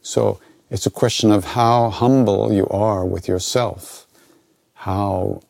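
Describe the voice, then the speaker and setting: Older American male teacher, gravelly low voice, loose rambling delivery, dry close recording. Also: slow pace, dry recording. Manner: relaxed, conversational, self-interrupting. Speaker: spiritual teacher answering questions. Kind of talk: informal spoken Q&A teaching.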